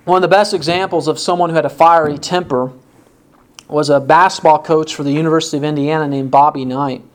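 A man preaching a sermon, reading scripture aloud and asking rhetorical questions, his pitch jumping up for emphasis. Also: fairly even intonation, fast talker. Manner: pitch rises sharply for emphasis.

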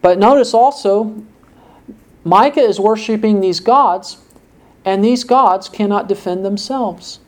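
Man preaching with rhetorical questions. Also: slow pace. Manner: rhetorical questions, reads scripture aloud; pitch rises sharply for emphasis. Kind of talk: sermon.

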